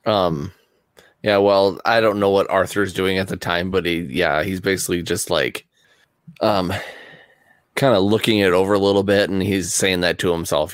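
A man playing a tabletop game, describing his character's actions in a hesitant, halting way. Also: low voice, fairly even intonation, dry recording. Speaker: player. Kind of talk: casual tabletop play.

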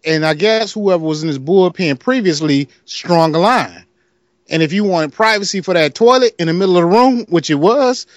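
A man with a Detroit accent and a notably high voice tells a rambling story. He plays the other voices as he goes, and the sound is dry and close. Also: no echo. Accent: Detroit, Michigan. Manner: animated storyteller, acts out other voices, laughs often. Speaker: podcast co-host telling a story. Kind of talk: casual storytelling chat.

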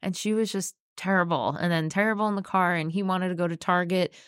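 A woman in her thirties co-hosts a parenting podcast in an easygoing, chatty way, often agreeing. Her voice sits a little low in pitch. The sound is dry and close. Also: fairly even intonation, fairly quick, a bit bright, clean tone, dry recording. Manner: chatty, agreeable, lots of yeahs. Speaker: podcast co-host. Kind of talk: casual chat.

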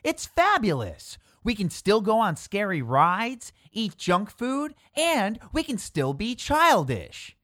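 A performer voicing an eager, stubborn boy who wants to stay a child forever, with a whiny, excited manner. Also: medium pitch, takes it slowly, few pauses, no room sound, studio quality, voice pushed up, full character voice.

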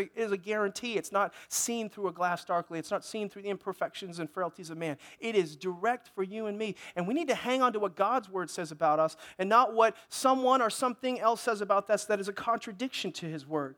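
Very high-voiced man preaching a sermon. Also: a bit bright. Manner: impassioned, calls for amens from the congregation. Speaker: pastor.

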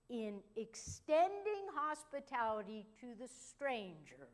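A woman pastor preaching a sermon, telling a story and slowing down and softening her voice for emphasis. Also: fairly high pitch.

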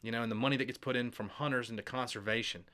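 A man guesting on a podcast talks at a rapid clip, his voice bright and forceful. He sounds enthusiastic and keeps urging listeners on in a relaxed, casual conversation. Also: medium pitch. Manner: enthusiastic, encouraging.

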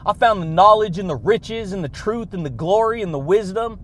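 A man hosting a motivational podcast, hyped and energetic, laughing between phrases and calling his listeners buddy and baby. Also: high voice, normal speed, slight background noise. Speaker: podcast host. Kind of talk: motivational monologue.

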